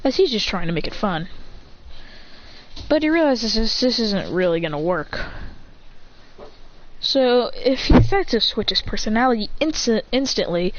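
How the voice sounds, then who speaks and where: A woman's voice: a little high, big pitch swings, moderate pace, pauses often, dull audio, a little hiss or hum. A woman casually narrating a homemade story, stringing actions together in long run-on sentences.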